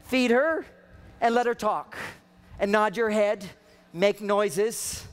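Speaking slowly in a high-pitched voice, a man gives a humorous seminar talk from an outdoor stage, playfully imitating the voices of people he quotes. Wind can be heard hitting the microphone.

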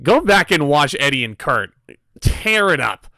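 Lively, bright-voiced man giving opinions. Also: fairly high pitch, measured pace, no room sound. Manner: animated, opinionated, full of filler ums. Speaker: guest cohost. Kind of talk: casual wrestling review chat.

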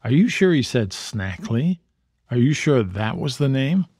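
A man reading the part of a genial middle-aged detective father, calm and measured. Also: mid-range voice, breathy edge, no echo, studio quality, heavily acted.

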